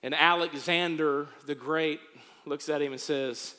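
A man preaching as a pastor, moving from quiet storytelling to rising exhortation. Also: on the high side, fairly even intonation, unhurried, in a large hall. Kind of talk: sermon.

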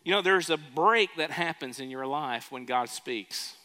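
Speaking at a relaxed pace with a slightly high, bright, pushed voice and lively intonation, this man preaches as a pastor. He weaves a story and quizzes the congregation, all under the long reverb of a church sanctuary.

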